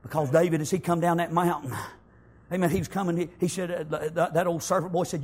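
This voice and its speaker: A preacher tells a Bible story in homespun speech, his voice pitched high and husky. He swings from easy storytelling into shouted runs of praise and peppers every pause with amens. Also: steady tone. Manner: shouts in rising bursts, folksy storytelling, frequent amens. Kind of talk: sermon.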